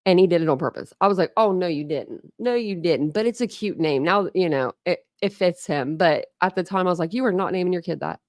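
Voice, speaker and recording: Chatty, gravelly-voiced woman from Ohio. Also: lowish voice, quick pace, few pauses, dry recording, studio quality. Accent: Ohio with Philadelphia family influence. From Ohio, USA. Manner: rambling, chatty, greets viewers, frequent laughs and fillers. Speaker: host of a live stream commentary channel. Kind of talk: casual live-stream chat.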